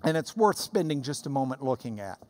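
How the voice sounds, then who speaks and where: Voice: medium pitch, sing-song, fairly quick, a little mellow. A Bible teacher giving an emphatic, explanatory sermon in a church hall.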